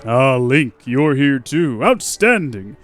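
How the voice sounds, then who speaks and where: A man's voice: medium pitch, very animated, slow, soft background music. A man voicing a dignified older father in a game, formal and dry, with a teasing edge. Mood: dryly teasing.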